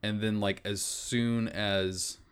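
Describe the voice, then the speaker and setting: A man's voice: fairly low pitch, steady tone, takes it slowly, smooth. A man playing a tabletop game, thinking aloud in a casual way. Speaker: player.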